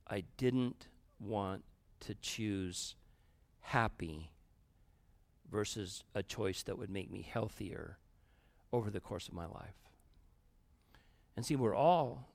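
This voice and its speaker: Speaking in a fairly low voice, a man gives a storytelling sermon to a live audience in a room. He's conversational and addresses them directly, swinging from quiet asides to loud, emphatic bursts.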